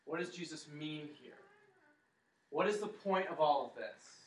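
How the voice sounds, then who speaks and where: Leading his congregation in a chant, a man delivers a dramatic sermon story in a fairly high, expressive voice at a measured pace. The recording comes from an echoey church hall with the mic at a distance.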